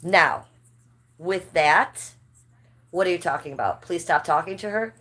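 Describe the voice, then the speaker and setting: A woman's voice: fairly low pitch, unhurried, a bit bright. A middle-aged woman hosting a casual livestream, chatting and gossiping with her viewers and laughing often. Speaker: livestream host.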